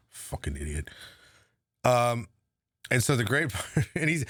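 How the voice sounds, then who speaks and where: A man rambles through casual political commentary, sarcastic and full of profanity. His voice is mid-pitched and recorded close and dry, with no room sound. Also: big pitch swings, takes it slowly, pauses often, fairly bright tone, dry recording. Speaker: host.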